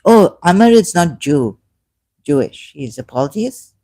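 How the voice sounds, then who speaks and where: An impassioned man talks through an emotional solo commentary, his voice mellow and dark. He swings from loud outbursts to quiet asides. The recording is dry and close. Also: a little high, very animated, unhurried, no room sound. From Shia Muslim background. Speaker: ex-Muslim commentator.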